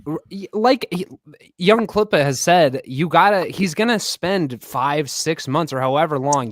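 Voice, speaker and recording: A man talking with mounting exasperation in a slightly higher voice, stumbling over restarts and letting sentences sag. His voice is dry and close to the mic. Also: no room sound. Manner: exasperated, halting, trails off quietly. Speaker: podcast co-host. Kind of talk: casual commentary chat.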